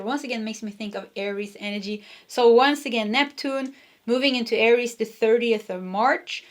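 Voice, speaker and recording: Chatty higher-pitched woman tarot reader. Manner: chatty, rambling, frequent "you know" and soft laughs. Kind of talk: casual spoken tarot reading.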